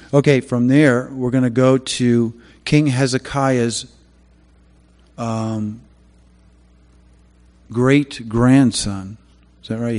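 Male preacher, lowish voice, halting delivery, long hall reverb. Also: a little mellow. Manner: halting, many fillers and restarts. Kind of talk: sermon.

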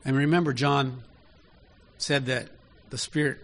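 A man's voice: mid-range voice, steady tone, measured pace, vocal fry, a bit bright. A man preaching a sermon in an easy, conversational way, often asking his listeners direct questions.

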